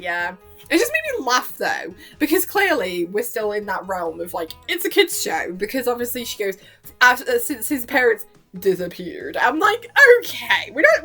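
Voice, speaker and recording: Woman, excited chatty recap, swears freely, squeals out quotes, animated pitch. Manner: gushing, swears casually, acts out quotes in high squeals. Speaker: vlogger reacting to a cartoon.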